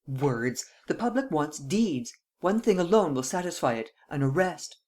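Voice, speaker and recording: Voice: mid-range voice, big pitch swings, moderate pace, darkish tone. A reader voicing an impatient, brusque older male head of government in an audiobook. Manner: brusque, demanding. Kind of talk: audiobook reading.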